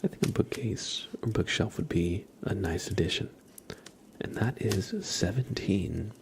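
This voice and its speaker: A man hosting a whispered ASMR livestream chat, talking in a soft, rambling whisper. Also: low voice, unhurried, gravelly, slight background noise.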